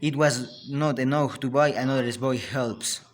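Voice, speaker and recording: A man with a Spanish accent reads a story aloud at a very slow pace. His voice sits at a medium pitch. The delivery is halting, with frequent restarts. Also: fairly even intonation. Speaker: student.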